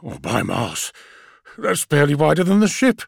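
A man voicing a panicky, whiny male tech-priest in an audiobook, with a high, shrill, frantic delivery. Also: big pitch swings, unhurried, gravelly, fairly bright tone, slightly rough, no echo, studio quality, heavily acted. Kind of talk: audiobook character voice.

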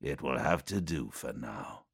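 Man as suspicious male exorcist, deep voice, terse, grave, slow audiobook reading. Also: animated, creaky, slightly rough, heavily acted. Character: stern, suspicious male warrior-priest exorcist.

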